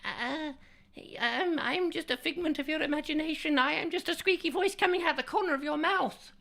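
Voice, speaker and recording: A man does a squeaky, whiny little sidekick voice, high-pitched and bright. He pleads like a cheeky child and keeps slipping into silly foreign airs. It is a comic studio bit. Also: moderate pace, gravelly, full character voice. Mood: apologetic.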